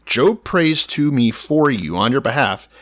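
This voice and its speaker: A man's voice: mid-range voice, animated, a little slow, fairly bright tone. A man casually and irreverently reading verses aloud and joking about them with a co-host. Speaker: podcast co-host. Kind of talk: casual profane chat reading scripture.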